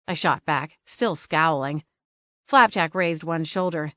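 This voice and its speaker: Lower-voiced woman narrating an audiobook. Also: expressive, unhurried, a bit bright, no room sound, studio quality. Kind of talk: first-person scripted narration.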